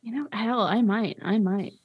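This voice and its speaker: A woman's voice: medium pitch, normal speed, breathy edge, no echo, dull audio. A woman co-hosting a comedy podcast, talking in a hesitant, rambling way. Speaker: podcast co-host. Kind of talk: improvised comedy chat.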